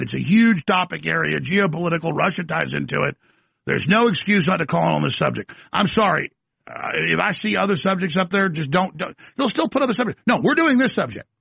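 A man rants through a talk-show monologue in a gravelly, rough-edged voice that sits high for a man. He presses every point with insistent emphasis. The sound is close and dry, with no room around it. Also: animated, brisk, fairly bright tone, no echo. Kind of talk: impassioned talk-radio monologue.

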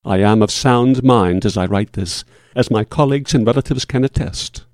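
A man reading a first-person horror tale as scripted narration, with a measured, solemn and formal delivery. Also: mid-range voice, a little mellow, dry recording, clean studio sound.

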